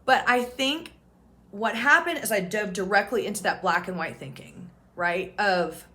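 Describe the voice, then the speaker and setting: A woman's voice: medium pitch, measured pace, bright, forceful tone. A woman speaks straight to her viewers in an open, unguarded way, telling her own story as a peer support host. She talks casually and swears now and then, with small self-mocking laughs along the way. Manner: frank and casual, swears freely, laughs at herself. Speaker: OCD peer support specialist and channel host. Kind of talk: candid personal storytelling to camera.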